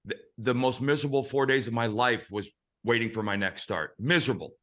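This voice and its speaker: Male host, 50s, ex-pitcher; bright, forceful tone; blunt, profane anecdotal storyteller. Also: a little fast. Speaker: host, former big-league pitcher. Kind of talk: casual storytelling chat.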